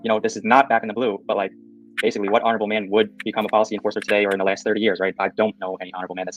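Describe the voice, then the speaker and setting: A man's voice: fairly low pitch, little pitch movement, rapid-fire, muffled recording, faint music behind. A man on an online podcast panel, rambling casually with lots of fillers. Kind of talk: casual call-in panel talk.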